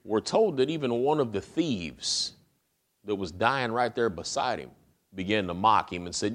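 A male pastor preaching a sermon in a folksy, conversational manner. His voice sits low, and he often repeats words as he builds toward a point. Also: expressive, moderate pace, a bit bright.

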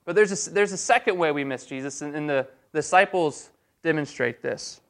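A man preaching a sermon in a casual, humorous way, acting out quick bits of dialogue. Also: a little high, fairly bright tone. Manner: conversational and humorous, acts out voices of the disciples.

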